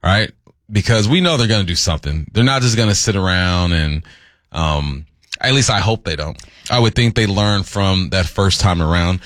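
Deep-voiced man talking sports. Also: dry recording, studio quality. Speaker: co-host. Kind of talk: casual sports talk.

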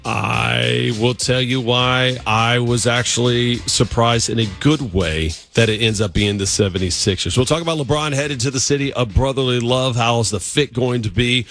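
A man's voice: mid-range voice, moderate pace, gravelly, few pauses, fairly bright tone, soft background music. A man hosting a sports radio show, asking questions with playful disbelief and teasing upcoming segments. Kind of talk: casual radio chat and show tease.

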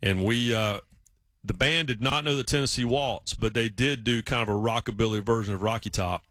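A man telling casual stories in a relaxed chat, acting out the voices of people he quotes. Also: medium pitch, a little fast, no room sound. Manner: storytelling, acts out quoted voices.

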